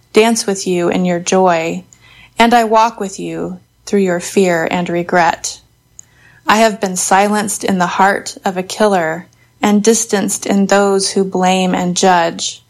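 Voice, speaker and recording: Woman reading poetry, calm and measured, unhurried, mid-pitched voice. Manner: slow, measured and contemplative. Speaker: poetry reader.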